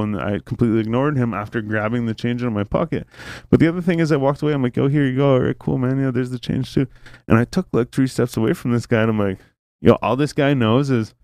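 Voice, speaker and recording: Fast-talking man telling a rambling story. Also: mid-range voice, a little mellow, dry recording. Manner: rambling, heavy swearing and filler words. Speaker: podcast host. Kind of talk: casual storytelling chat. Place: podcast studio.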